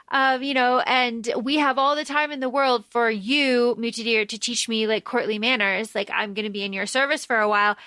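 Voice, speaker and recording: Bright-voiced woman podcast co-host. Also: on the high side, a little fast, clear, resonant tone, dry recording. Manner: animated retelling with quoted dialogue. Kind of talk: casual book discussion.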